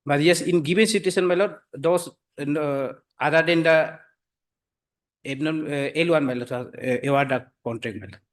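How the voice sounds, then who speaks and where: A man arguing before a judge in a courtroom, halting with many fillers and addressing the bench as "my lord" again and again. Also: a little high. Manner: hesitant, full of fillers, repeats "my lord" constantly. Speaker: advocate for the government. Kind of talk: courtroom argument.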